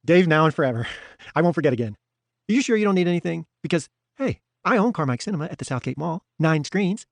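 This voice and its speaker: A man's voice: fairly high pitch, lively intonation, quick pace, gravelly, no echo, pitched above the performer's own voice. A man voicing a nervous, overeager middle-aged hustler in debt, reading an audiobook with a pushy, ingratiating manner. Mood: eager. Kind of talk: audiobook character voice.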